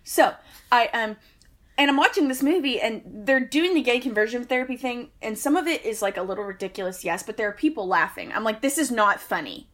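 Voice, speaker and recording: A woman's voice: on the high side, lively intonation, a little fast, a bit bright. A woman, co-hosting a podcast and telling a long, wry, exasperated story in casual chat. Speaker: podcast co-host.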